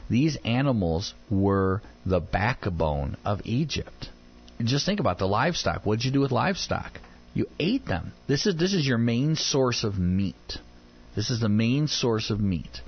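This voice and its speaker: Unhurried and slightly rough, a lowish male voice belongs to a radio Bible teacher who explains a passage conversationally. He animatedly performs the voices of those he quotes, captured in dull, lo-fi sound.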